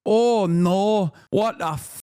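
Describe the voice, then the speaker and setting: A man's voice: sits high, slow pace, warm tone, smooth, dry recording, studio quality. A man giving blunt, profane live-stream commentary, speeding up when he reads text aloud.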